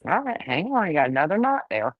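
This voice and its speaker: A woman's voice: fairly low pitch, very animated, quick pace, no room sound, highs cut off. A woman breeding dogs, casually livestreaming while she firmly coaxes a wriggling puppy, talking in a folksy way. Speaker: dog breeder.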